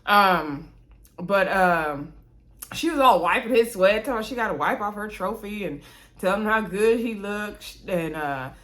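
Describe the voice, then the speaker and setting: A woman's voice: lively intonation, unhurried, fairly bright tone. Sassy chatty woman recapping reality TV. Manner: chatty, sassy asides, big pitch swings. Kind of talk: casual episode recap.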